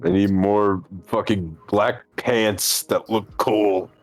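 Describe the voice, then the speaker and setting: Young guy, low voice, mumbly and laid-back, casual voice-chat podcast banter. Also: steady tone, takes it slowly, faint music behind. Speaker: podcast co-host. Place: home, on a voice-chat call.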